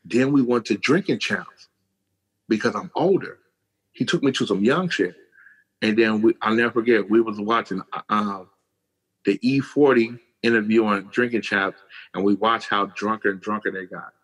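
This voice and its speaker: A middle-aged man from California, a podcast guest telling his life story in casual, animated talk, swearing freely and acting out the voices of people he quotes. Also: lowish voice, normal speed, husky, poor audio.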